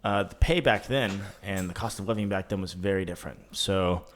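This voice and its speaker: A man's voice: low-pitched, fairly quick. A young man co-hosting a casual podcast, joking around and reading job facts aloud. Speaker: podcast co-host. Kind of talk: casual chat.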